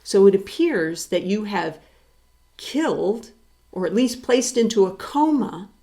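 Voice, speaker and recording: A woman's voice: mid-range voice, expressive, measured pace, dark tone. Woman lecturing on psychology. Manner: explanatory, asks the class rhetorical questions. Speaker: psychology professor. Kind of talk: recorded lecture.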